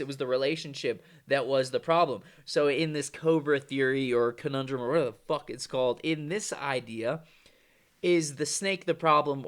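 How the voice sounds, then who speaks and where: A man delivering a casual, rambling vlog monologue, swearing freely in a loose, conversational manner. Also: fairly high pitch. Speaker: vlogger.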